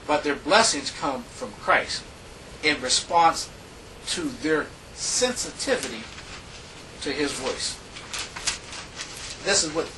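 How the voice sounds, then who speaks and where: A man preaching a sermon, reading scripture in an emphatic, drawn-out way with big rises and falls in pitch. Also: sharp tone, distant mic, slight background noise, low-quality recording.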